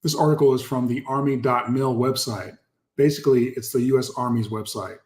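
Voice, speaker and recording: A man's voice: medium pitch, fairly even intonation, a little fast, darkish tone. A man hosting a history channel, reading old articles aloud and stopping to stress and repeat key words for his viewers.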